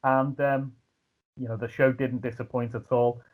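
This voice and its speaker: A man's voice: mid-range voice, moderate pace. A man with a Liverpool accent, a guest ring announcer, telling stories in casual chat with lots of fillers, over a video call. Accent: Scouse. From Liverpool, England. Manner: animated anecdotes with frequent fillers and shouted impressions. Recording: tinny phone-like line.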